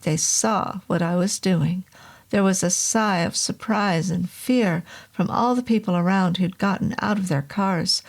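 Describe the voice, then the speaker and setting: A woman reads a horror novel aloud at a slow, deliberate pace. Her mid-pitched voice has a gravelly, vocal-fry texture. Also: a little mellow. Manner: slow, measured reading. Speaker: narrator. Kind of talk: audiobook horror narration.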